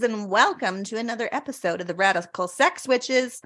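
Woman podcast cohost, bubbly and bawdy, slightly high voice, dry booth sound. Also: lively intonation, normal speed, hardly any pauses, fairly bright tone, no room sound. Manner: playful, giggly, bawdy joking. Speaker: podcast co-host. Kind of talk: casual chat.

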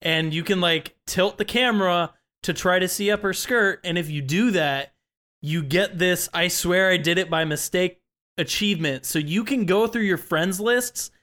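A young man with a slightly higher voice runs a casual quiz among friends. He reads each item out plainly and breaks into laughter often. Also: normal speed, pushed and bright. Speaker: quiz host. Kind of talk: casual podcast chat.

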